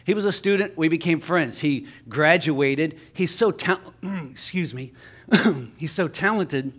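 A man with a Southern Ohio accent preaching a sermon in a church, telling a personal story and swinging from soft asides to loud emphasis. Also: fairly high pitch, measured pace. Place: church sanctuary.

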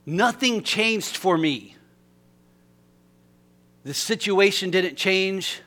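A male pastor preaching a sermon in a church, telling a story animatedly, swinging from loud to hushed. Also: sits high, expressive, extremely slow. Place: church sanctuary.

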